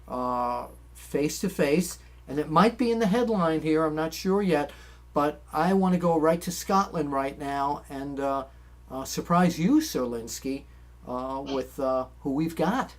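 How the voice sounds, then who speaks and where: A man's voice: a little high, measured pace. A man hosting a casual chat, talking in a chatty way and stretching his sentences out with fillers. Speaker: host.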